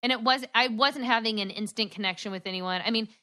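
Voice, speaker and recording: A woman's voice: on the high side, fast, pushed and bright. A young woman as a podcast guest, telling stories in a rambling casual chat full of "like". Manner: rambling, filler-heavy with frequent "like".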